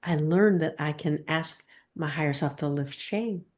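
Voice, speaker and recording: A woman leading a channeling session, speaking as a collective "we" and asking gentle probing questions. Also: low-pitched, measured pace.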